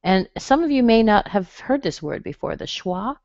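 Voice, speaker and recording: With a mid-range, sing-song and slightly mellow voice, a woman teaches pronunciation online, drilling words slowly and patiently through repetition. Her computer mic gives dull, muffled, dry webinar audio with no echo.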